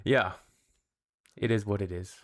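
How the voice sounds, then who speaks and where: A man's voice: fairly low pitch, fairly even intonation, a little slow, a bit bright. A man hosting a reaction channel, chatting casually with wry, sarcastic asides. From Canada.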